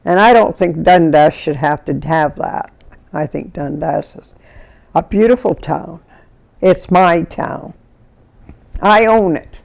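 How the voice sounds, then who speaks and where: Gravelly elderly woman storyteller. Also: on the low side, slow pace, pauses often. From Canada. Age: 90s. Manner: lively storyteller who acts out the people in her stories. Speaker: interviewee. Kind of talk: oral history reminiscence.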